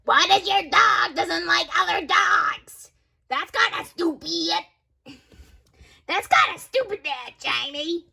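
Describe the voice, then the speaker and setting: A woman voicing a shrill, gravelly, loud neighbor lady. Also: lively intonation, slow pace, pauses often, exaggerated voice. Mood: annoyed. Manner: loud, yelling, rude. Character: brash shrill woman neighbor, dog owner, smoker. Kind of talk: amateur role-play video.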